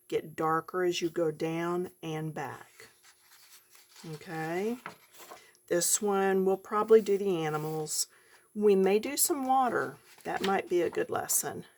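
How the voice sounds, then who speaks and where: A woman's voice: fairly low pitch, slight background noise. A woman giving a chatty coloring lesson, talking directly to her viewers. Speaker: coloring tutorial host.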